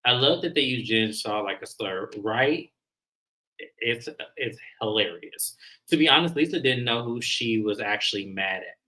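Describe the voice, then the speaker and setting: A woman hosts a reality TV recap show in a bright, forceful voice. She retells the episode in an animated, slangy way, laughing often as she talks. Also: extremely low pitch, normal speed, poor audio. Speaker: podcast host.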